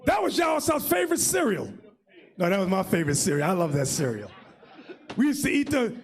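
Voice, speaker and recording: Man, bishop, fiery sermon, very high voice, huge swings, gravelly. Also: fairly quick. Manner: loud, shouting, mocking and animated. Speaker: bishop teaching a class. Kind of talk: fiery religious teaching.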